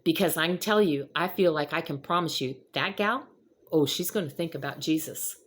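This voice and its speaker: A woman's voice: sits low, moderate pace, fairly bright tone. A middle-aged woman hosting her own channel, telling a personal faith story to her viewers in an earnest, emotional way. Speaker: vlog host.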